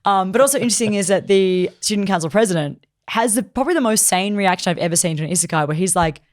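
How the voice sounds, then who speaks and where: A woman co-hosting a casual anime chat, retelling a plot in animated style and acting out the characters' lines with lots of "like". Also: medium pitch, quick pace. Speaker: podcast co-host reviewing anime.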